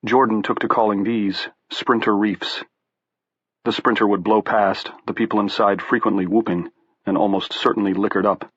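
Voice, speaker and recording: A man narrating a horror audiobook in a measured storytelling way. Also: fairly low pitch, steady tone, slightly rough, no room sound, dull audio. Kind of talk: scripted narration.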